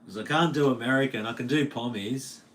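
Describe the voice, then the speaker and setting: A man's voice: medium pitch, fairly quick, a bit bright, a little hiss or hum. Laid-back Australian man chatting on livestream. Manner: laid-back, jokey, laughs often, Aussie slang. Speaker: livestream host. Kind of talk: casual livestream chat reading comments. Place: home.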